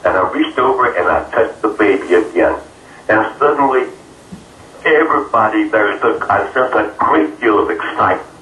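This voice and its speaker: A man being interviewed, telling a personal story in an earnest, halting way with many fillers. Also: lowish voice, expressive, a bit bright. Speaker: interview guest. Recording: roomy, distant mic, faint noise.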